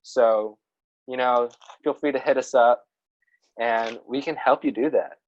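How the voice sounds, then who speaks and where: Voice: medium pitch, a little slow, highs cut off. A podcast co-host chatting casually about writing, rambling, restarting sentences and laughing at themself.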